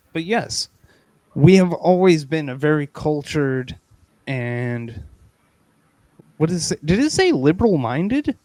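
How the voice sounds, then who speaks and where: A man hosting a casual comedy podcast, playful and mock-earnest, with loud bursts of excitement. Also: a little high, no echo. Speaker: podcast host.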